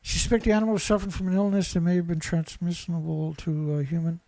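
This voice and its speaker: A man's voice: fairly high pitch, flat delivery, quick pace, gravelly, mellow. A man giving a profane, sarcastic rant as he reads and mocks news reports. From Canada. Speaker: environmental commentator. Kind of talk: ranting commentary over news clips.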